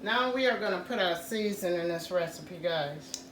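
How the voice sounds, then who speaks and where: A woman hosting a casual home cooking tutorial, talking slowly and repeating "guys" to her viewers. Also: lowish voice, expressive, echoey room, slight background noise. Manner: slow, repetitive, says "guys" often. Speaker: cooking channel host.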